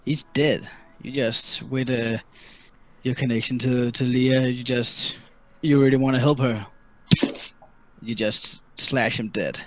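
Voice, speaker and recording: A man running a tabletop game as dungeon master, narrating enemy moves in a relaxed, laughing, somewhat halting way. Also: mid-range voice. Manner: relaxed, laughing, often hesitant.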